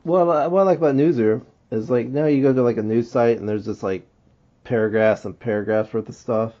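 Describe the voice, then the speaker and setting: A man's voice: mid-range voice, fairly quick. A man from the United States co-hosting a podcast, teasing and rambling in casual chat with many fillers. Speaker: podcast co-host. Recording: dull lo-fi podcast audio.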